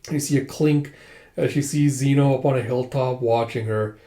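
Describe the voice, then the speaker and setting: A man's voice: mid-range voice, moderate pace, warm tone. A man casually recapping and reading a manga aloud, with a lot of filler in his narration. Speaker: manga reader. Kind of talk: casual read-along recap. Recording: roomy echo.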